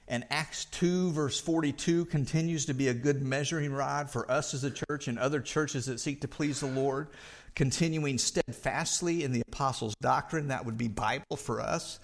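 A man's voice: mid-range voice, moderate pace. A middle-aged man preaching a sermon as pastor, earnest, often repeating a word as he restarts.

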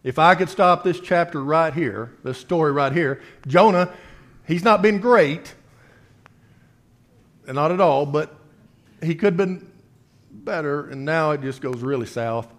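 A man with a slightly higher voice delivers a sermon to his congregation. He speaks conversationally, firing off rhetorical questions at his listeners. His voice swings between quiet, low asides and raised, emphatic points. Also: unhurried, long pauses. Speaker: preacher.

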